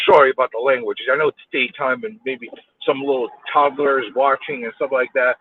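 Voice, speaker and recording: A man streaming from his car in traffic, rambling and stammering, then bursting into loud yelling at other drivers. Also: medium pitch, steady tone, fairly quick. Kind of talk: ranting while driving. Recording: phone-like dry lo-fi sound.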